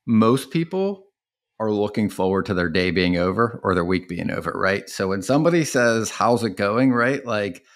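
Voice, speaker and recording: A man's voice: lowish voice, lively intonation, normal speed. A man co-hosting a podcast and coaching sales calls in casual chat, often tagging points with a rhetorical question. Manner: coaching, rhetorical "right?" tags.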